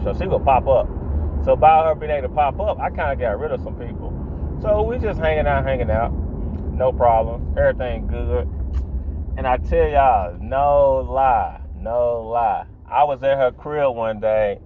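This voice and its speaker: A man's voice: mid-range voice, moderate pace, phone-quality sound, noisy background. A young man telling a comic story in slangy speech, acting out the voices. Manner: animated, acts out voices, slangy. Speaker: stand-up storyteller.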